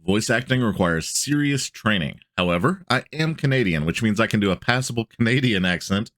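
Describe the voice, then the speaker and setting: Low-voiced laid-back man reading aloud. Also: expressive, brisk, a bit bright, no room sound, studio quality. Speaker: tabletop game channel host. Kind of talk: reading a blog aloud with casual commentary.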